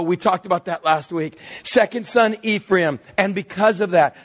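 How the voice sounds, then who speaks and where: Husky-voiced male pastor preaching. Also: normal speed, few pauses. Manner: animated storytelling, drops to hushed low tones for emphasis. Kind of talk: sermon.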